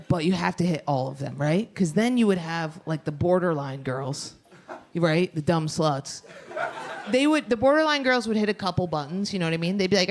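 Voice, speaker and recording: On a club stage, a young woman delivers crude, brash stand-up and engages the audience, her voice fairly low and a little mellow. The live recording is noisy, and the audience can be heard laughing.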